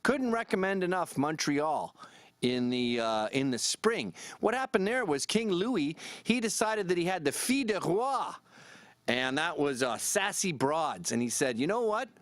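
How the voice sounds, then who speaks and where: Give me a jokey, irreverent man vlogging, with a lively, animated voice. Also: on the high side, a little slow, dry recording. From Canada. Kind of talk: casual commentary to camera.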